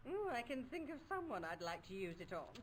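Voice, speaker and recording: Brief: saucy lady, high lively voice, game dialogue with faint ambience. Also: fairly quick, slight background noise. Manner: saucy, theatrical, drawling.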